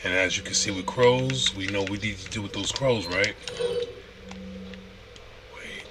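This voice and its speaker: A low-voiced man talks through a game as he plays, relaxed and explaining each step. Steady background noise hangs under his voice on the stream recording. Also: measured pace. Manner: relaxed, explains while playing, with restarts. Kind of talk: casual gameplay walkthrough. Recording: noisy stream audio.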